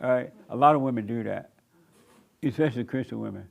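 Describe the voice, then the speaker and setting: A pastor and show host telling a story in a casual, colloquial way, laughing often and snapping out punchy retorts. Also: male voice, medium pitch, unhurried, vocal fry, long pauses.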